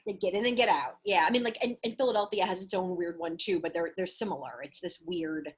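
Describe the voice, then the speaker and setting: Husky, chatty woman guest. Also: lowish voice. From Mid-Atlantic US. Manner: chatty, animated, quick laughs. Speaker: acting teacher and casting guest. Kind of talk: casual chat.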